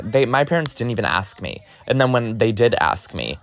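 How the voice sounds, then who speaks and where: A man's voice: mid-range voice, very animated, normal speed, creaky. A young man from Ohio hosting a candid solo podcast, talking in a blunt, profane, exasperated way with sardonic asides. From Ohio, USA. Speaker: podcast host.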